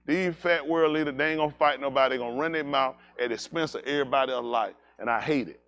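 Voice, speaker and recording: A man preaching, telling animated, jokey stories and slipping into high-pitched voices for characters. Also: quick pace. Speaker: pastor. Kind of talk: comedic storytelling sermon.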